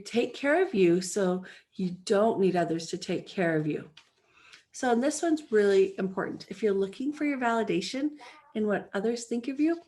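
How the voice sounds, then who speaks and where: A woman's voice: mid-range voice, darkish tone. A woman in her forties, a life coach hosting a solo podcast, talking earnestly and encouragingly and acting out the voices in her head.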